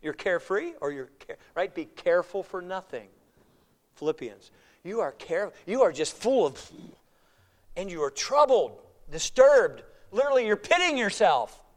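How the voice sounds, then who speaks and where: Preacher man, high voice, very animated, acts out his quotes. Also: normal speed. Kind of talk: sermon.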